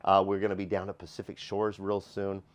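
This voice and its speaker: A man with a low, deep voice gives a casual walkthrough from inside a motorhome. He sounds upbeat and enthusiastic and repeats his praise as he goes, in the relaxed manner of a show host. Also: a little fast. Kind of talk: casual walkthrough tour presentation.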